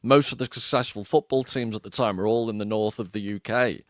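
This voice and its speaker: A man's voice: fairly low pitch, fairly even intonation, brisk, no room sound, studio quality. A man from northern England telling stories and giving opinions in a casual conversation. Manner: storytelling, opinionated. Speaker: guest.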